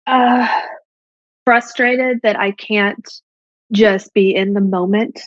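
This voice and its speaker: A woman's voice: medium pitch, steady tone, slow pace, no room sound, muffled recording. A woman in her thirties, a podcast guest, talking candidly about her partner with plenty of fillers. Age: 30s. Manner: chatty, filler-heavy retelling. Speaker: guest, one half of a couple.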